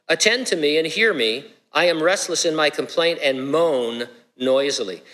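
A man's voice: mid-range voice, a bit bright. A middle-aged man preaching a sermon, conversational and joking, with asides to the congregation. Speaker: pastor. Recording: long hall reverb.

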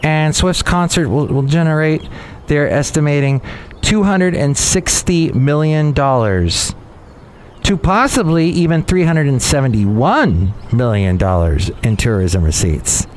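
A man's voice: fairly high pitch, expressive, a little slow, a little hiss or hum. A man hosting a podcast in casual, meandering chat, often correcting himself as he goes. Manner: meandering, self-correcting, chatty. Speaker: podcast host.

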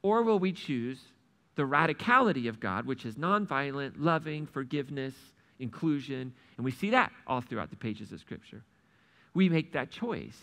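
A man preaching a sermon, retelling a parable with lively acted-out dialogue. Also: mid-range voice, moderate pace. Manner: animated storytelling, acts out the characters' lines. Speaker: pastor.

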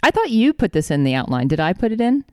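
A woman's voice: medium pitch, very animated, fast talker, dark tone, dry recording, clean studio sound. A woman co-writer reading her own story draft aloud in the first person and chatting between passages, often laughing. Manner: giggly, reads in first person. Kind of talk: reading aloud and casual chat. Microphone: video call.

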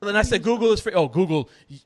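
Laid-back man podcast co-host, higher voice. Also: expressive, fast. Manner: laid-back, swears, drops low when dismissive. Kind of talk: casual chat.

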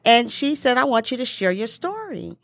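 A woman's voice: a little high, very animated, vocal fry, dry recording, clean studio sound. Upbeat woman hosting a podcast. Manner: upbeat, emphatic, drawn-out listing. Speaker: podcast host. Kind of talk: casual podcast conversation.

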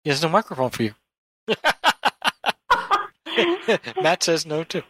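A man from New York hosts a radio talk show, joking and playful. His voice is fairly high and bright, close and dry on the studio microphone. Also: takes it slowly, dry recording, low-quality recording. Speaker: radio host.

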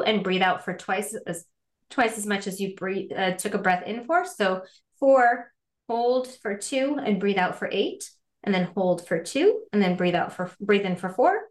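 Animated woman with a roomy echo. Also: mid-range voice, measured pace. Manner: animated, acts out quoted voices, laughs often. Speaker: guest coach. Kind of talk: animated podcast interview.

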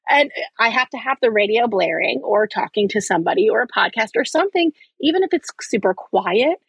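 A woman's voice: on the high side, lively intonation, fairly quick, gravelly, breathy edge, no room sound, rough recording. A woman guest on a podcast, explaining earnestly and piling up examples in casual conversation, close to the microphone.

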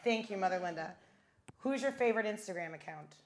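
A woman co-hosting a live music show, chatting playfully and laughing easily between quick quips. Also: mid-range voice, animated, a little hiss or hum. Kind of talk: casual on-air chat.

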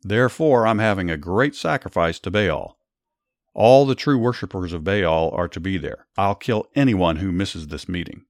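A man's voice: low voice, lively intonation, moderate pace, no room sound, studio quality. A man voicing a ruthless, commanding male king in a read-aloud Bible story. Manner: reads plainly, commands raised and loud.

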